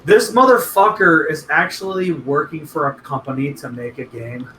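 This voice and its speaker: A young man on a casual podcast, telling crude stories with animated energy. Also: on the high side, moderate pace. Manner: animated storytelling, crude jokes, voices friends. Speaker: podcast regular telling a story. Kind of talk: casual chat. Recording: echoey room with faint noise.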